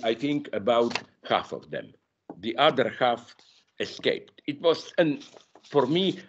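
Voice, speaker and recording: Animated male lecturer, dull lo-fi sound. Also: medium pitch, a little hiss or hum. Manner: animated, digressive, frequent self-corrections. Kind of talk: masterclass lecture. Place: university lecture room.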